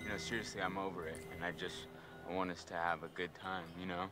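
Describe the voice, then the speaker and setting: A man's voice: deep voice, flat delivery, fast talker, close to an everyday voice. An actor playing a cocky, crude young man who mocks his friend in a video game. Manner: mocking, boastful. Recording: game audio with background noise.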